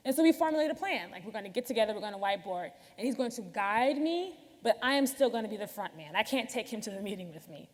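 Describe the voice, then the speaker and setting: A woman's voice: mid-range voice, sing-song, fast, few pauses. A woman giving a conference keynote, talking candidly and chattily straight to the audience. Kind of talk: conversational keynote talk. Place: large conference hall. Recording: reverberant hall.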